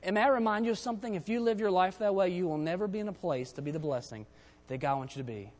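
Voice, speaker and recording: Male preacher, fairly high voice, church sermon mixing scripture reading with plain talk, long hall echo. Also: fast, a little mellow. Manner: reads King James verses aloud, then explains them conversationally.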